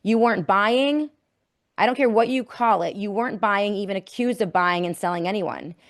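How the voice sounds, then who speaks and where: An indignant woman hosts a political commentary podcast. She talks emphatically and reads out quotes with sharp disapproval, her voice sitting in a middle pitch. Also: moderate pace. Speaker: podcast host.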